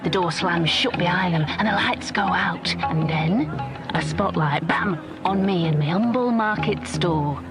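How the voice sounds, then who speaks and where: A woman's voice: fairly low pitch, measured pace. An actress voicing a chatty female show performer who tells her story dramatically and acts out sounds. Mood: theatrical. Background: music.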